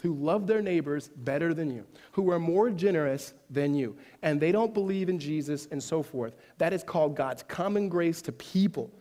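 A man's voice: on the high side, warm tone. A man preaching a sermon in a casual, conversational way, his voice climbing to emphatic peaks. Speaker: pastor. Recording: hall reverb.

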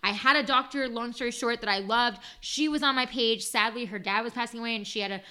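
A high, bright-voiced woman in her thirties talks fast and animatedly, laughing often and acting out what people said. It is a casual chat where she tells her own story. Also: clean tone. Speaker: guest sharing her birth story.

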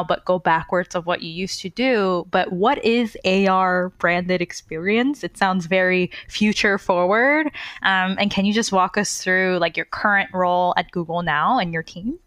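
A woman's voice: medium pitch, unhurried, a bit bright, dry recording, clean studio sound. A woman co-hosting a podcast in a casual, bubbly way and laughing often. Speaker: podcast co-host.

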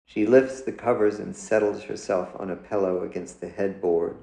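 A man, the author, reading his own literary story aloud in a measured, deliberate way. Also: on the low side, fairly even intonation, gravelly, warm tone, reverberant, poor audio. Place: indoors.

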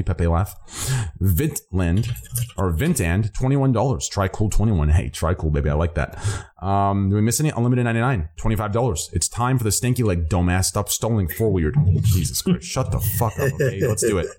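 Young male streamer with a lowish voice; casual and profane while thanking donors. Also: animated, brisk, dark tone. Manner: reads donations aloud, swears casually. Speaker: livestream host. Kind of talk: casual charity stream chat.

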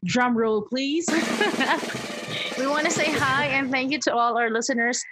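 A woman's voice: sits high, unhurried, very noisy. A young woman hosting a podcast in casual chat, bubbly and enthusiastic. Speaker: podcast host.

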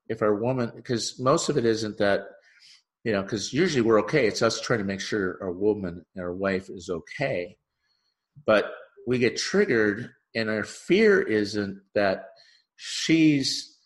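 Lively, low-voiced man telling a story. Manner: animated storytelling with many asides; repeats key phrases for emphasis. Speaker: relationship therapist. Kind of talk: podcast monologue.

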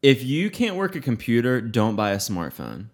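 A man's voice: medium pitch, very animated, moderate pace. A man in casual podcast chat, laid-back and amused, giving blunt opinions. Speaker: podcast co-host.

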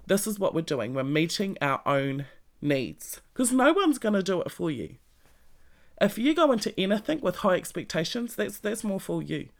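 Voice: medium pitch, sing-song, normal speed, creaky. A vlogger giving a blunt, profane motivational talk straight to the listener, full of pointed questions. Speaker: self-help vlogger. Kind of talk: motivational monologue to camera.

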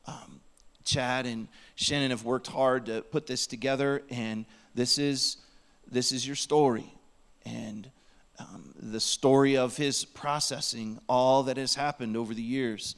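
A man's voice: medium pitch, steady tone, a little slow, smooth. A man preaching a sermon in a church, earnest and pleading, sometimes dropping to a near whisper. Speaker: pastor. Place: church sanctuary.

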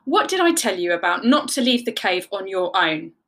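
A woman's voice: mid-range voice, very animated, normal speed, a bit bright. A woman voicing a stern but loving mother dinosaur in a children's story, speaking in a firm, motherly way.

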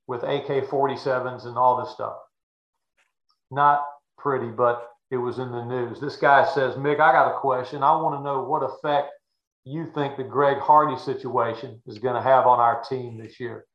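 Older male broadcaster, folksy and earnest, with a dull, echoey room sound. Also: medium pitch. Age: 60s. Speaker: guest, sports broadcaster. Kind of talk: anecdotal storytelling.

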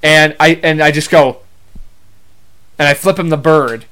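This young podcast host's voice sits a little high, pushed and bright, and he takes an unhurried pace. He tells loose, casual stories, wandering off, correcting himself, and swearing now and then.

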